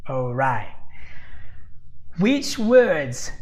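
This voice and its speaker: A man's voice: mid-range voice, big pitch swings, extremely slow. A man teaching a live online English lesson, explaining patiently and checking in with "okay?" after almost every point, often laughing and answering viewers by name. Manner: addresses viewers' chat comments by name.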